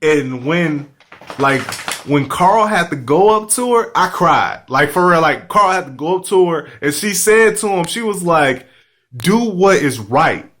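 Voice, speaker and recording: A man with a voice sitting a little higher than most talks straight to the camera from his home studio. His speech rambles in loose casual chat, packed with fillers and swearing. He sounds candid and unpolished. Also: lively intonation, measured pace, a bit bright. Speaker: vlogger.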